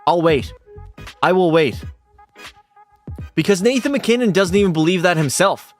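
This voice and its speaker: A young man with a fairly high voice streams from home, tipsy from beer and swearing freely. He argues hockey with his chat in a casual, combative way. Faint music plays behind him. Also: animated, moderate pace. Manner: profane, argumentative, talks back to chat. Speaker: game streamer.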